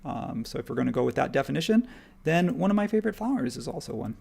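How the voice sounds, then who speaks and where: A man hosting a live software tutorial, talking casually and upbeat, thinking aloud as he works. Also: a little high, very animated, fast, vocal fry, slightly rough. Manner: rambling, upbeat, thinks aloud while working. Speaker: live stream host and modeling instructor.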